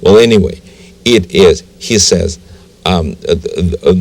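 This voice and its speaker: A man telling his personal conversion story in a TV interview, halting and emotional, with many restarts. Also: sits low, a little mellow. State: tearful. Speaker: guest telling his testimony.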